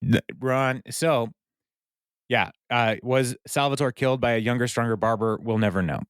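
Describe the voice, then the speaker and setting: A man's voice: medium pitch, moderate pace, clean tone, no room sound, studio quality. A man co-hosting a podcast, casually recapping an episode and animatedly acting out the characters' lines. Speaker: podcast co-host.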